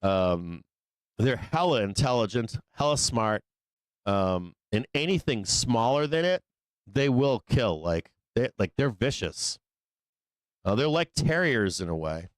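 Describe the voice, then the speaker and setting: A man running a live trading show in a studio office rambles through a long, profane story, frequently laughing between lines. He has a mid-range, sing-song voice and talks a little slowly, recorded without echo.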